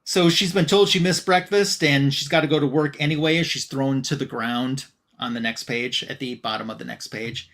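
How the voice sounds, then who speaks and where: A man co-hosting a fan podcast, recapping a comic book story in an easygoing, conversational way. He paraphrases characters' lines loosely, leaning on fillers and "he's like" as he goes. His voice sits at a middling pitch. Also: fairly even intonation, moderate pace, creaky, fairly bright tone. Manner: retelling a comic plot with loose quoted dialogue, many fillers. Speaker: podcast co-host.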